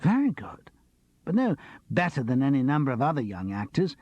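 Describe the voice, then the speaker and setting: A man's voice: medium pitch, sing-song, brisk, a little mellow, dry recording, lo-fi sound. A man voicing a nervous, theatrical young actor with a camp, lightly mocking way of talking. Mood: drawling.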